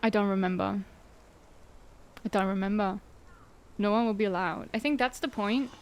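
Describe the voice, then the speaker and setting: A woman's voice: mid-range voice, moderate pace, slight background noise. A young woman streaming a game, chatting casually with her viewers in a sarcastic, giggly way. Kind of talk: casual gameplay livestream chat.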